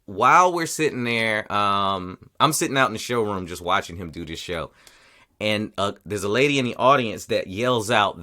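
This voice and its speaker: A man's voice: medium pitch, expressive, normal speed, pushed and bright. A man hosting a podcast, telling a story in casual, profane chat and acting out other people's lines. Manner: profane storytelling, acts out quotes. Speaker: podcast host.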